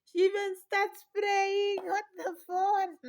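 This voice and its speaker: A woman's voice: very high-pitched, little pitch movement, slow. A woman, a new mother, telling a personal story in an exclamatory, dramatic way with frequent laughter.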